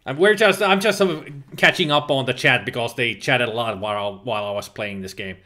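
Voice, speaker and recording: A man from Finland hosts a livestream, chatting casually while reading the live chat, laughing a lot and restarting words. His voice is medium-pitched, brisk, and sharp in tone.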